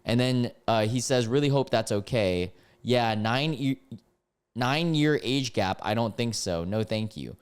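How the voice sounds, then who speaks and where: A man, reading chat screenshots aloud and mocking them in casual reaction commentary, often breaking into loud disbelief. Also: mid-range voice, measured pace, smooth. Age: 20s. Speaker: content creator reacting to screenshots.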